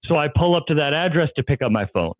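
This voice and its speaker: A man's voice: a little high, animated, fast talker, no room sound. A man who is a comedian guest, telling wild stories in casual chat and laughing often. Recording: tinny phone-like line, dry.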